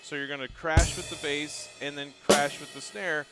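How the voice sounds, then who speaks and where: A man teaching a drum lesson, calling out each drum hit loudly and dropping to quieter, casual asides between demonstrations. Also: fairly high pitch, fairly even intonation, moderate pace. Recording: loud drum kit and music behind. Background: drum kit playing.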